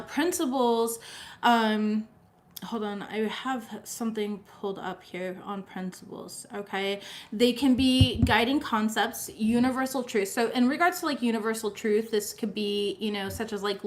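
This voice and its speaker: Chatty woman reading tarot, higher voice. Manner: chatty, filler-heavy, often checks in with "okay?". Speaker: tarot reader. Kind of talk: live-streamed tarot reading, casual chat.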